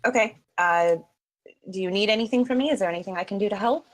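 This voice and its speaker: A woman's voice: mid-range voice, quick pace, rough recording. A woman playing a tabletop game in a chatty, upbeat way, full of fillers. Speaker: player.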